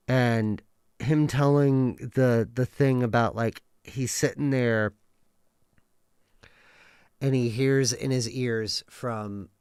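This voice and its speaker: A man in his thirties chatting casually on a live stream, rambling and animated, swearing freely and filling his speech with likes and uhs. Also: mid-range voice, slow, pauses often, smooth, dry recording, studio quality.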